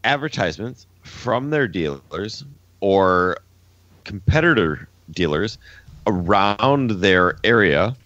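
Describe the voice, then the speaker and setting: A man's voice: fairly low pitch, animated, slow, fairly bright tone, no room sound, highs cut off. A man co-hosting a casual podcast, asking listeners meandering questions padded with fillers.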